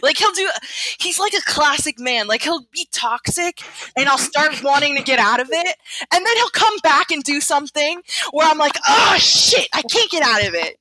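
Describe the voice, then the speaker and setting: A woman's voice: high voice, animated, moderate pace, bright, forceful tone. A woman co-hosting a podcast in casual chat, blunt and teasing. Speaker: podcast co-host.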